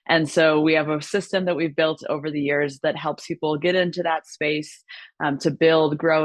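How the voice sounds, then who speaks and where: A woman's voice: deep voice, dry recording. A woman, a guest in a casual interview, friendly and articulate. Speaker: guest, company executive.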